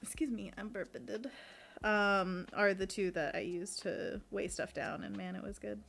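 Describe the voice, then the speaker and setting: A woman's voice: medium pitch, moderate pace, vocal fry, fairly bright tone. Giggly young woman painting and chatting. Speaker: co-host painting on a livestream. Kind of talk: casual chat while painting. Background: faint music.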